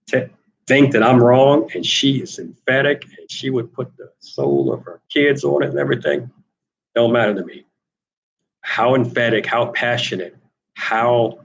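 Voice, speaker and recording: A man's voice: mid-range voice, vocal fry, dull audio, a little hiss or hum. A man hosting a solo talk monologue, wry and rambling, repeating words as he thinks, turning emphatic when he argues a point. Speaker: host.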